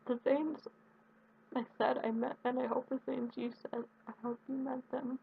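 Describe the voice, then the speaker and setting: A young woman talking in a heartfelt personal video message, earnest and rambling, with halting restarts. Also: sits high, little pitch movement, vocal fry, breathy edge. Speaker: vlogger addressing her absent partner. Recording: tinny phone-quality audio with faint hiss.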